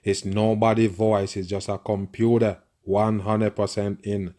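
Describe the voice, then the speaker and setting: A man's voice: fairly low pitch, level tone, a little slow, warm tone. A man giving profane, conspiratorial reaction commentary on a video, with constant murmured agreement.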